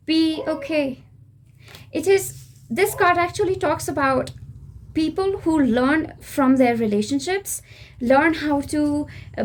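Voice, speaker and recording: A young Indian woman with an Indian English accent, giving a gentle, reassuring spiritual tarot reading straight to the listener. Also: high voice. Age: young adult. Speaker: tarot reader.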